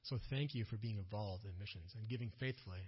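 A man with a lowish, husky voice talks at a quick pace as a missionary at a church conference. He tells stories from his work and loudly acts out the people in them, recorded through the church PA in dull, lo-fi sound.

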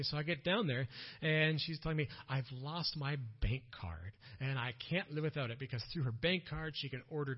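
Speaking at a church conference, a missionary with a husky, medium-pitched voice shares stories from his mission work. He performs the characters animatedly, belting out their quotes, and the audio comes through a church PA with a dull, lo-fi quality.

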